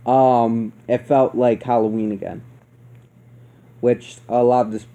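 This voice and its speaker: A man's voice: medium pitch, little pitch movement, a little slow, warm tone, muffled recording. A man giving a casual, profane and rambling review of a horror movie, laughing often. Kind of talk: casual film review rant.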